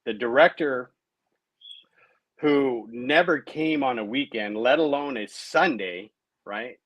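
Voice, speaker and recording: Sounds like a man in his late thirties talking as an interview guest, telling his own recovery story at an easy, conversational pace. His voice sits in a middle range, neither deep nor high, and he keeps checking in with "right?" and "you know" as he goes. The sound is dry and close, with no room echo. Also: slow, muffled recording. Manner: conversational, many tag questions and fillers.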